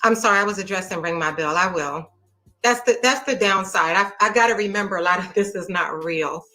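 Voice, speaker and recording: A woman speaking as a guest on a livestream, measured and composed while she defends herself. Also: mid-range voice, sharp tone, faint music behind, rough recording. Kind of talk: livestream conversation.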